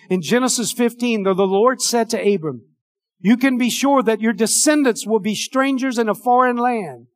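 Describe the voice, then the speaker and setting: An older man delivers a sermon in a notably high voice. He preaches with fervor, dropping low and hushed before building back up to shouts. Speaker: pastor.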